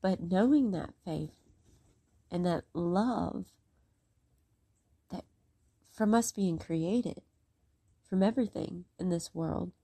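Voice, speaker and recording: A faith vlogger, a woman with a lowish, mellow voice, talks casually and emotionally about her faith at an unhurried pace, rambling and close to tears before reading scripture aloud. Her voice is a bit rough today, and there's no echo.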